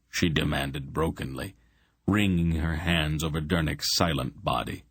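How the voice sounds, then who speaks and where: A man narrates a fantasy novel with steady, unhurried reading. His voice is deep and husky and moves slowly. It is recorded dry and close. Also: no room sound. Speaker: audiobook narrator. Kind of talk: scripted narration.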